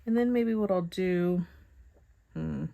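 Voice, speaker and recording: A woman teaching Bible journaling, chatting softly and thinking aloud with hums and pauses as she works at a craft table. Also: on the low side, creaky. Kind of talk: relaxed craft tutorial narration.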